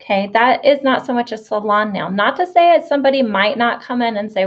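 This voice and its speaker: A woman's voice: a little high, brisk. A woman hosting an interview, speaking in a direct, instructive way about her career as a nail educator. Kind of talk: interview with teaching asides. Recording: dull, lo-fi audio.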